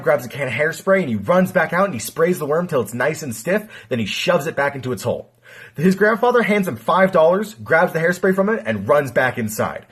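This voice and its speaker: A man telling a dirty joke in a deadpan way, dropping his voice for an old grandfather. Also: on the high side, fairly quick, slightly rough. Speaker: joke teller.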